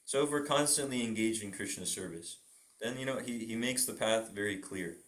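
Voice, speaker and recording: A man's voice: fairly low pitch, a little fast. A man giving an informal scripture class, chatty, laughing often and acting out little dialogues. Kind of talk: informal sermon.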